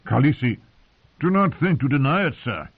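A man's voice: mid-range voice, animated, normal speed, voice pushed up, natural voice. A man reading aloud, voicing a stern, loyal old knight who speaks sharply, heard through narrow phone-like sound. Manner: sharp, accusing.

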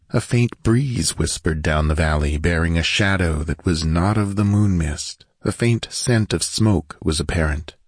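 A man reading an adventure story aloud as narrator in a measured, steady way. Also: low voice, no room sound, studio quality. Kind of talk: scripted audiobook narration.

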